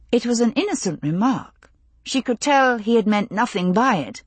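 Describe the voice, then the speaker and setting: A woman reading an audiobook in an even, intimate storytelling manner, voicing the characters herself. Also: on the high side, moderate pace, slightly rough, no echo. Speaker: audiobook narrator. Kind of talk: scripted narration.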